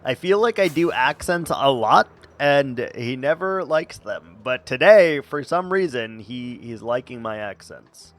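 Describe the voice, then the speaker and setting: A man's voice: mid-range voice, expressive, measured pace, hardly any pauses, fairly bright tone, faint music behind. A man streaming a game, chatting casually with silly, playful asides and mutters. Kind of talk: casual gameplay commentary.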